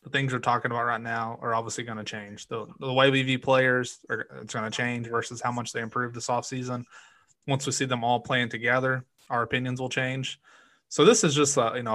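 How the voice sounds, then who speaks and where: Male sports podcast co-host, bright edgy tone, dry close sound, measured casual delivery. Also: medium pitch, little pitch movement, no echo.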